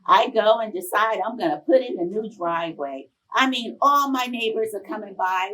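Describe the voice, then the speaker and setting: Chatty woman in her fifties, slightly husky. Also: medium pitch, moderate pace, hardly any pauses, distant mic, rough recording. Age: 50s. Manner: chatty, animated storytelling. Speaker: conference presenter and professor. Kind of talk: conference talk with personal stories. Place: conference room.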